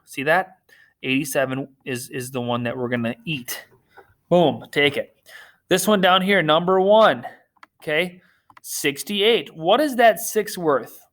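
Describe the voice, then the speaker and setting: Upbeat bright-voiced male math teacher. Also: a little high. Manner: upbeat, corny jokes, self-teasing asides. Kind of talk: recorded remote math lesson.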